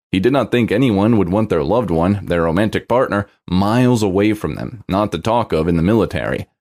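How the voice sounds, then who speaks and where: Story narrator, man, low-pitched, expressive scripted read with animated pitch.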